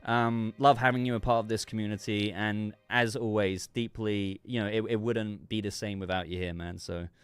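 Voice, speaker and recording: Here a livestream host speaks in a fairly low, fairly even voice at a moderate pace with few pauses. Congested and coughing, he rambles, interrupts himself, and reads messages from viewers.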